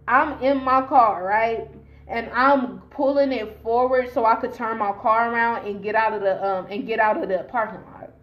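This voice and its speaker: Emphatic higher-voiced woman telling a storytime. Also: muffled recording. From Long Beach, California. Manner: emphatic, profane, talks straight to listeners. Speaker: podcast host telling a personal story. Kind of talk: casual storytime to camera. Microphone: camera mic while filming herself.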